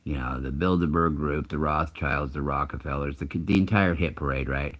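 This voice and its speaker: A middle-aged man with an extremely low, rumbling voice tells a long personal story in a loose, conversational way. He swears freely, doubles back on himself and restarts his sentences as he goes. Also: steady tone, normal speed, fairly bright tone. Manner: rambling, profane, self-interrupting. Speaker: channel host. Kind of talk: casual storytelling.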